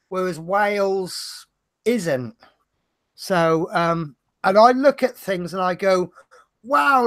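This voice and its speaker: This man, a livestream host from Norfolk, England, speaks with a Norfolk accent in a voice on the high side and a bit bright. He chats casually and rambles, poking fun at himself.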